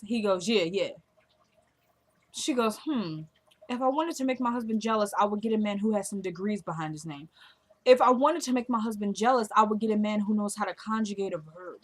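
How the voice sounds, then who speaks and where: Chatty woman recapping a TV episode. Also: medium pitch. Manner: retells scenes acting out both characters' lines; animated and chatty, addresses viewers as y'all. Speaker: TV show reviewer. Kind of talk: casual recap vlog.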